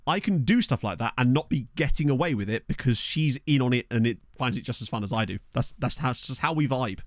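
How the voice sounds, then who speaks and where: A man's voice: mid-range voice, fast talker, no echo, studio quality. A man streaming a football management game from a small bedroom, rambling through stories for his live chat with frequent laughs. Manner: animated, rambling storyteller who laughs often. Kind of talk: casual chat with live viewers. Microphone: desk USB microphone.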